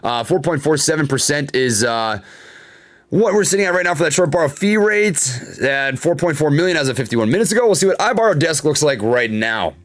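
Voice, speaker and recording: His voice is a little high, expressive, and fairly quick. This young streamer hosts live stock trading, chatting casually about charts and reading chat aloud; he vents his annoyance, swears, and laughs it away.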